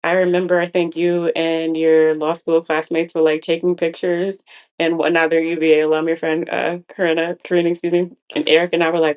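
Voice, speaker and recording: Low-voiced woman chatting casually. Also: little pitch movement, fairly quick, darkish tone, lo-fi sound. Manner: laughs often, acts out quoted friends. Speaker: podcast co-host. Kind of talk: casual chat.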